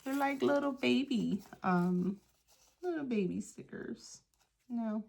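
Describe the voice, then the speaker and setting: A woman's voice: fairly high pitch, expressive, gravelly, darkish tone. A woman chatting casually through a craft project, thinking aloud and talking to herself as she works. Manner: slow, unhurried delivery with frequent pauses. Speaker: craft and journaling creator. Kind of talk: casual craft tutorial chat.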